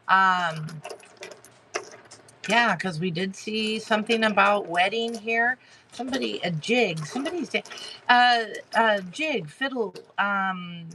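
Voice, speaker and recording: A woman giving a live tarot reading to her chat, talking haltingly with many fillers and restarts and greeting viewers by name. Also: mid-range voice, sharp tone, slight background noise. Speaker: tarot reader hosting a live stream.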